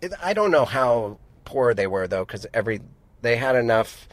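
A middle-aged man from Montana, chatting casually as a podcast co-host, in a voice of ordinary pitch. He rambles through his stories, loses the thread and starts over. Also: big pitch swings, normal speed. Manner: rambling, self-interrupting storyteller. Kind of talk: casual chat.

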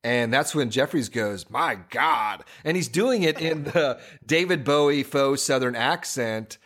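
A man in a casual podcast conversation, speaking at an ordinary middle pitch. He rambles through his points with plenty of restarts and fillers, talking in a relaxed, everyday way. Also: measured pace. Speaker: podcast co-host. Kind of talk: casual chat.

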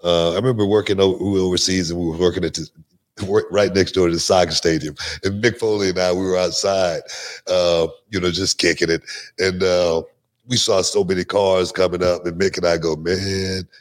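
A middle-aged man, a guest on a podcast, telling stories in a lively way and often repeating his words. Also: low voice. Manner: animated storyteller, repeats words, quick restarts. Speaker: guest, former wrestler. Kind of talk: casual podcast interview storytelling.

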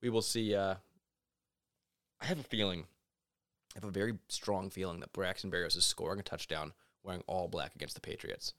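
A man with a somewhat low voice co-hosting a sports podcast. He talks casually and with opinions, and he gets animated when he makes his case. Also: a little fast. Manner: animated, opinionated, mimics people in asides. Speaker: podcast co-host.

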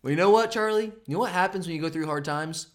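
A man's voice: sits high, fast. A man co-hosting a casual sports betting podcast, rambling and self-deprecating about his picks. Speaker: podcast co-host.

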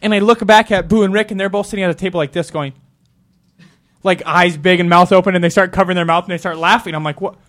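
A man telling a story on a casual talk show. His voice sits high and races along. He acts out every quoted line with animation. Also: steady tone, quick pace, fairly bright tone. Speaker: show regular.

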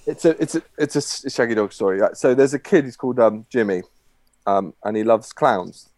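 A man's voice: medium pitch, brisk, a little mellow, no room sound. A man guest telling a long shaggy dog joke, rambling with many fillers and restarts.

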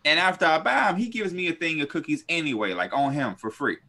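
A young man on a podcast, telling a story in casual chat, animated and profane. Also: fast talker. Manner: animated, profane, swings high when quoting people. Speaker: podcast co-host.

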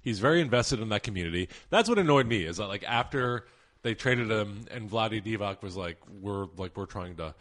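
A man's voice: on the low side, lively intonation, fairly quick, a bit bright. A man co-hosting a podcast in casual sports chat, hedging and thinking aloud as he makes his point. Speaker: podcast co-host.

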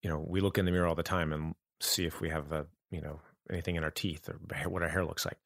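A podcast guest, a man with a fairly low voice, speaking in a reflective, halting way and reworking his sentences mid-thought. The sound is dry and close, with no room around it. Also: flat delivery, creaky, fairly bright tone, no room sound. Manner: halting, thoughtful, many restarts. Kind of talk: reflective conversation.

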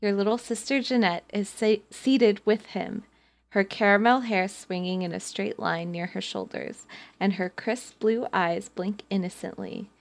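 A woman's voice: mid-range voice, fairly even intonation, a little slow, gravelly. Giggly young woman reading a story aloud. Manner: giggly, reads narration then jokes between passages. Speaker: podcast host reading an interactive story. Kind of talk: casual reading aloud with banter.

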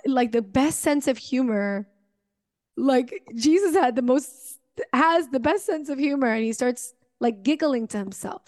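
A woman's voice: high voice, a little mellow, big-room sound. A young adult woman hosting a podcast, telling a personal story to her listeners in an earnest, emotional way, with many fillers. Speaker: podcast host.

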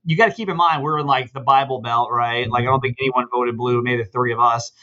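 A man's voice: medium pitch, fairly even intonation, quick pace, pushed and bright, dull audio. A man, a radio show host, explaining and telling stories in casual chat.

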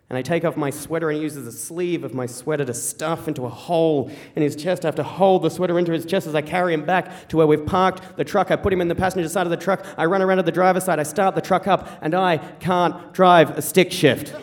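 A young man telling a true story on stage, animated and wry, acting out the people in it. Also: a little high, quick pace. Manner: animated, wry, acts out the quoted voices. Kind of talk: first-person storytelling on stage. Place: theater stage. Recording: live stage sound with hall reverb.

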